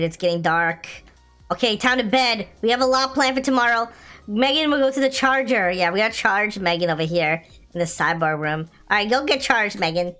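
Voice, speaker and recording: A woman hosting a casual gameplay video, chatty, excitable and often giggling as she plays. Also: a little high. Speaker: gaming video host.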